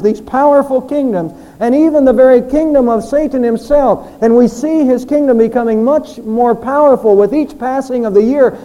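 A man preaching a sermon, explaining and repeating phrases for emphasis and slowly drawing out the key lines. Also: extremely high pitch, dark tone, low-quality recording.

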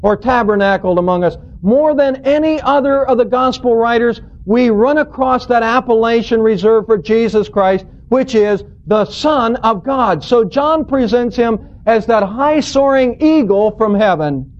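High-voiced pastor teaching a sermon. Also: male voice, a little slow, few pauses. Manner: earnest, storytelling, emphatic. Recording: dull lo-fi recording.

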